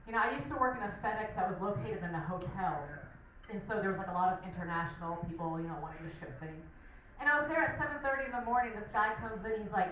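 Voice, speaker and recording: A woman's voice: a little high, a little hiss or hum. A woman in her thirties doing a stand-up comedy set, chatty and self-mocking with lots of asides, on a comedy club stage. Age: 30s. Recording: echoey hall, distant dull mic.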